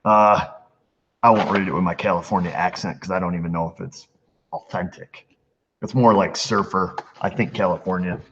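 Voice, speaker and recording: Standing in his auto repair shop bay, a mechanic and channel host reads viewer letters aloud during a laid-back mail call, cracking jokes and adding asides. He speaks at normal speed in a low, steady voice, on dull lo-fi audio with faint noise.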